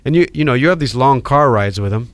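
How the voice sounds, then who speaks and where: A middle-aged man from Hawaii with a Hawaiian accent, telling animated stories as a podcast guest. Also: mid-range voice, fast talker, no room sound. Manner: animated storyteller acting out quoted voices. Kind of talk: storytelling in a podcast interview.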